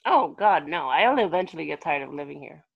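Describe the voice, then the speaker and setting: Casual podcast co-host: woman with gravelly fry, blunt and swearing, easygoing chatter. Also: deep voice, expressive, a little fast, highs cut off. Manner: swears freely, teasing. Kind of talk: casual chat. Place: lives in New York City.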